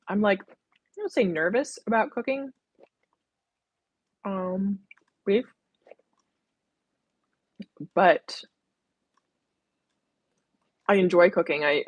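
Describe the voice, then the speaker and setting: A woman's voice: mid-range voice, measured pace, long pauses, slightly rough, no echo. A young adult woman hosting a casual live stream from home, chatting and reading viewer comments aloud.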